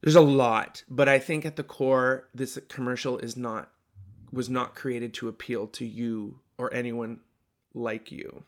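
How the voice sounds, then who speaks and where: Podcast co-host, man, mid pitch, emphatic, full of restarts and asides. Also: flat delivery, unhurried. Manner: thinks aloud with restarts, emphatic. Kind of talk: casual chat about marketing.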